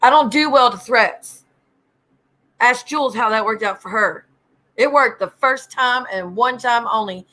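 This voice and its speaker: A woman's voice: on the high side, unhurried, sharp tone. A woman hosting a casual livestream, greeting viewers by name and ranting bluntly with lots of swearing. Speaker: livestream host.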